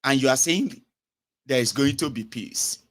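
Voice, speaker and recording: A young Nigerian man with a Nigerian English accent and Pidgin, giving a casual, animated commentary monologue as host. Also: medium pitch, moderate pace. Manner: animated, mocking, switches to Pidgin and Yoruba.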